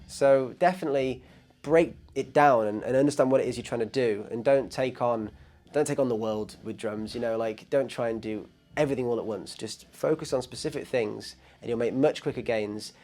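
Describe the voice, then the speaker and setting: Male drum vlogger, mid-pitched, chatty and encouraging, talks straight to camera. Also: a little mellow. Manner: encouraging, upbeat, lots of "you know" fillers. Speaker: drum channel host. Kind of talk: casual advice to camera.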